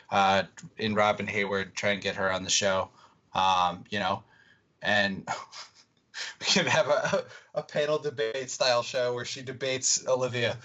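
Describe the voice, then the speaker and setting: Giggly podcast co-host. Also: male voice, medium pitch, pushed and bright, dull audio. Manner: laughs a lot, rambling. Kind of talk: casual podcast banter.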